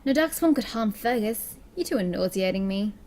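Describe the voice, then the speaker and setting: A woman's voice: medium pitch, lively intonation, moderate pace, darkish tone. A woman giving chatty, sarcastic let's-play commentary over a game. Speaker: gaming streamer.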